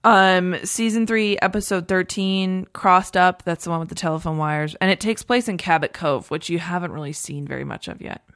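Woman, low-pitched, podcast co-host, casual rambling chat, dry close sound. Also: normal speed, few pauses, fairly bright tone, no room sound. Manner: chatty, rambling with many fillers.

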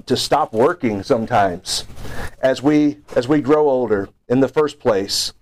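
A man's voice: mid-range voice, darkish tone, low-quality recording. A man preaching a sermon in an earnest, explanatory way, lifting his voice on key phrases.

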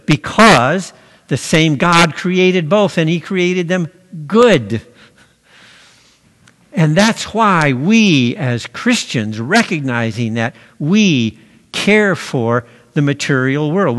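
A man preaching a sermon, slow and deliberate, pausing to stress key words. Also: on the high side, fairly bright tone, in a large hall. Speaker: pastor.

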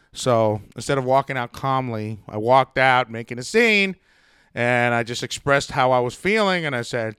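A man's voice: medium pitch, pushed and bright, smooth, no room sound, studio quality. A young man telling a personal story in a heated, profane, ranting way. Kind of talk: casual storytelling.

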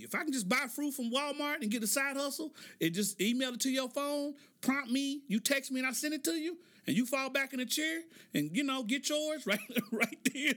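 A middle-aged man rambles through a comic podcast monologue, breaking into laughs between stories. His voice sits high and sounds bright and forceful. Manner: joking, loose storytelling with laughs. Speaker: podcast host. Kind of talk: casual comedic monologue.

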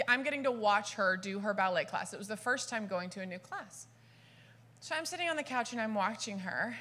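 Southern woman, conference speaker, sermon style, animated storyteller with a bright, sharp tone. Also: medium pitch. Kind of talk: sermon with personal stories.

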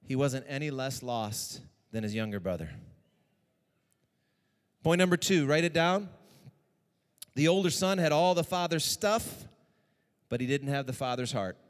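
A man preaching a sermon in an animated way, often repeating lines for emphasis. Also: mid-range voice, measured pace, pauses often, in a large hall.

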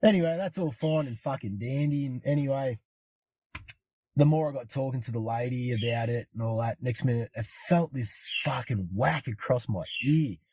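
Husky Australian man telling a story. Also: medium pitch, moderate pace, mellow, no room sound. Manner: profane, rambling, laid-back. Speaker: podcast guest. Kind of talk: casual storytelling.

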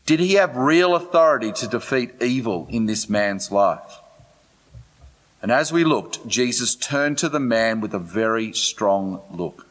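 A man voicing a male eyewitness who slowly retells a strange scene in a synagogue, in a reverberant hall. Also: mid-range voice, lively intonation, voice pushed down. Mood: awed.

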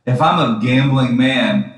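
A man co-hosting a podcast in casual chat, who swears and gets loud and laughing when telling stories. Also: mid-range voice, a little slow. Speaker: podcast co-host. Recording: roomy echo.

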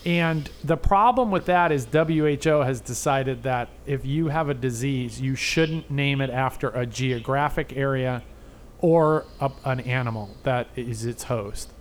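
A man's voice: mid-range voice, measured pace, slight background noise. A man from the Boston area, co-hosting a podcast in a chatty, rambling way, often stopping himself mid-sentence to explain things. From Boston area, USA. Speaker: podcast co-host. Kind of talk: casual podcast chat.

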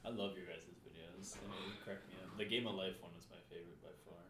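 A young man who is a podcast guest, chiming in with quick, laid-back remarks in a low voice. His voice sounds roomy and echoey, with clear background noise. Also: steady tone, a bit bright. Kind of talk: casual chat.

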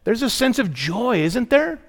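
A man's voice: very high-pitched, big pitch swings, a little slow. A middle-aged male pastor preaching a sermon in a church, emphatic and often calling out to the congregation for a response. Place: church sanctuary. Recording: long hall reverb.

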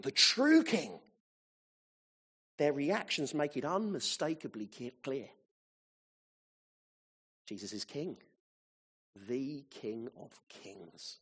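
A man preaching a sermon to his congregation, animated, with his voice rising to excited peaks. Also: medium pitch, takes it slowly, long pauses, husky.

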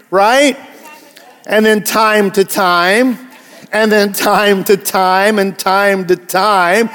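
A man preaching a sermon as pastor, playful, acting out little voices and slowing down for emphasis. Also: sits high, fairly even intonation, a bit bright, in a large hall. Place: church sanctuary.

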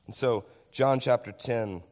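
Male pastor, hoarse worn-out voice, lively preacher who quizzes the pews, mid-pitched. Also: unhurried. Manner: animated, asks the congregation questions. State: hoarse, tired voice. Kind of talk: sermon.

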